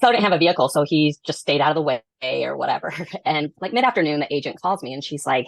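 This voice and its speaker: Woman agent, low voice, rapid animated storyteller, dry close sound. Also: dry recording. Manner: animated storyteller, acts out quotes. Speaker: real estate agent. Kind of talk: casual chat.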